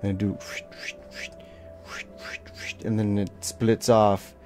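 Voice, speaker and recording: A man's voice: on the low side, level tone, slow, a little mellow, faint music behind. A man leading a casual draw-along lesson, talking loosely with lots of "like" and little sound effects as he draws. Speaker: art teacher.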